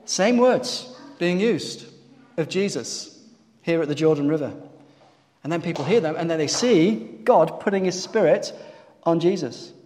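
A man's voice: fairly high pitch, expressive, measured pace, darkish tone. Man preaching in a reverberant hall. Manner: asks the congregation questions, calls on people by name. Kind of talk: sermon.

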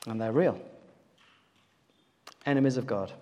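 A man's voice: medium pitch, measured pace, dark tone. A man preaching an interactive Bible talk in a church, quizzing his listeners to fill in missing words. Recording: long reverb of a church hall.

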